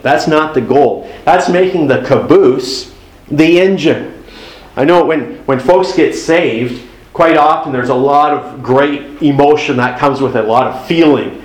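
A man's voice: medium pitch, reverberant, low-quality recording. A man preaching a sermon in a conversational way, with folksy asides and acted-out exchanges. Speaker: pastor.

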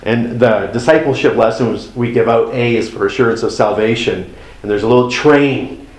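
A man's voice: mid-range voice, normal speed, roomy sound, rough recording. A man preaching a sermon in a conversational way, with folksy asides and acted-out exchanges. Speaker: pastor.

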